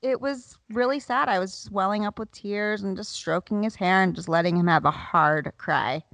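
A woman's voice: medium pitch, moderate pace, a bit bright, no room sound. A woman in her thirties co-hosting a casual chat with friends, telling a family story animatedly and acting out her children's voices. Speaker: podcast co-host.

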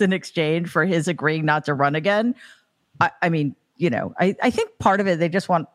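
A woman hosting a political discussion, talking bluntly and frankly. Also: on the low side. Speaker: podcast host.

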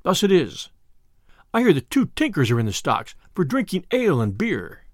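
A man's voice: a little high, huge pitch swings, moderate pace, no echo, clean studio sound. A man doing Robin Hood, jovial. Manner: jovial, playful. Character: cheerful, teasing outlaw hero, young man.

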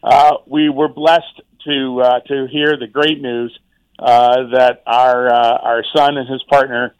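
A man's voice: medium pitch, little pitch movement, clear, resonant tone, no echo, lo-fi sound. A middle-aged man, a township mayor, talks casually as a radio guest, often restarting and repeating words. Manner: halting, many repeated words and fillers.

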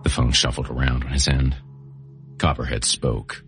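A man with an extremely low, deep voice narrates a horror audiobook. His first-person delivery is gritty and menacing, and soft music plays under him. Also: steady tone, slow. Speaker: host and narrator.

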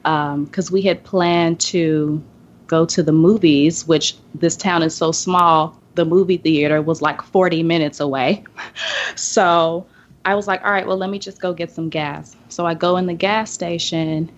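A woman from the Southern United States telling a personal story in a casual podcast roundtable. She acts out the people in her story with lively voices. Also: on the low side, measured pace. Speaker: podcast panelist. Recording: dull lo-fi podcast audio.

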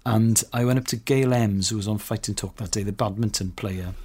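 A man's voice: fairly low pitch, fairly even intonation, a little fast, a little mellow, slightly rough. Enthusiastic laughing male podcast host. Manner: enthusiastic storyteller, laughs often. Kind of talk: casual chat.

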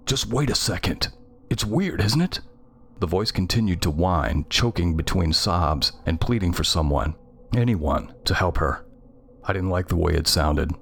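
A man reading a scripted first-person horror story in a measured, tense way. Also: deep voice, gravelly. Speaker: narrator.

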